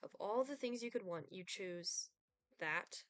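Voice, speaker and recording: A woman's voice: medium pitch, lively intonation, unhurried, close to an everyday voice. A woman voicing an aloof male Grim Reaper, reading his game lines in a cool, clipped, formal way. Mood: cold, formal. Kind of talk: reading game dialogue aloud.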